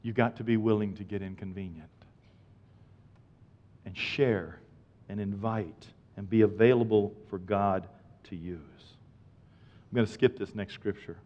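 A man preaching a sermon as a pastor, telling stories and acting out voices with loud high-pitched outbursts. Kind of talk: sermon with storytelling. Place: church. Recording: dull sound with long hall reverb.

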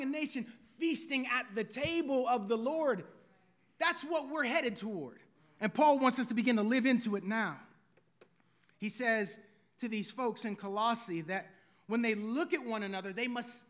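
A man's voice: very high-pitched, a bit bright. A middle-aged man, preaching a sermon in a conversational way, full of rhetorical questions. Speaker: pastor.

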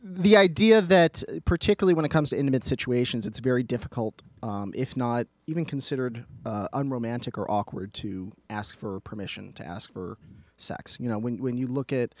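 A man's voice: medium pitch, a little fast, a little mellow, dry recording. A man co-hosting a podcast in casual chat, explaining at length and chuckling often. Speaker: podcast co-host.

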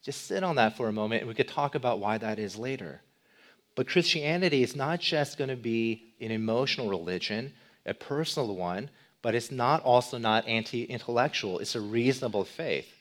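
A male pastor giving a sermon, asking rhetorical questions and moving between loud emphasis and quiet, low passages. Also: moderate pace. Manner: animated, swings between loud emphasis and soft low delivery.

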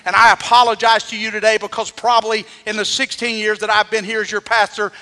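Pastor, male, high bright voice, dramatic sermon delivery, long church-hall reverb. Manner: preaching with dramatic shifts, acting out quoted voices.

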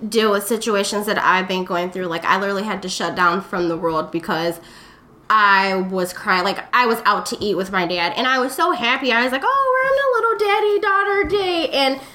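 A woman's voice: medium pitch, fairly quick, pushed and bright. A woman talking casually and openly with friends, rambling with many "like"s. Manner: rambling, heavy use of "like", candid. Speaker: friend in group chat. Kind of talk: casual chat.

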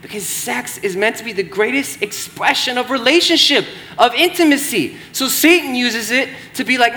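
A young pastor preaches a casual, conversational sermon with animated asides, often checking in with the congregation by asking "right?" His voice is very high-pitched, at a moderate pace with few pauses.

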